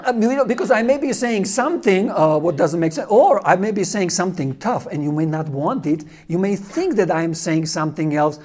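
High-voiced man teaching a class. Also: fairly quick, few pauses, slight background noise. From Czechoslovakia. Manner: animated, laughs while telling stories. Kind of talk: storytelling lecture.

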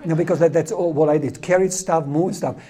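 A man from Czechoslovakia, teaching a class and telling animated stories that he laughs through. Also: a little high, fast. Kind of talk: storytelling lecture.

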